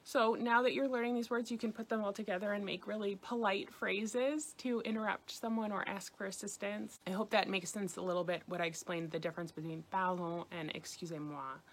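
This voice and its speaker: A woman's voice: mid-range voice, fairly even intonation, fairly quick, hardly any pauses. A woman giving a casual French lesson, chatting and repeating phrases for listeners to practice. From United States. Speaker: French language teacher.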